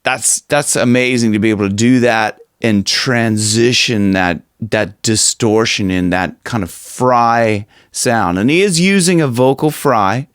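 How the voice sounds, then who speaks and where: Slow-talking male vocal coach, dry sound. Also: medium pitch, no echo. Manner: rambling, restarts, demonstrates screamed lines and breathy talk. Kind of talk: casual vocal lesson with demonstrations.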